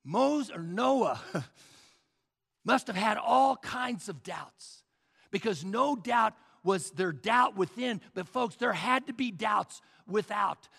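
Animated, gravelly preaching man. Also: sits high, big-room sound. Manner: emphatic, repetitive preaching, addresses the crowd as folks. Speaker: pastor. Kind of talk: sermon.

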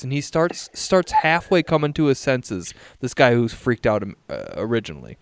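Casual podcast host on a video call, laughing and swearing through stories. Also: male voice, mid-range voice, animated, moderate pace, smooth, no room sound. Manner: laughing storyteller, swears freely.

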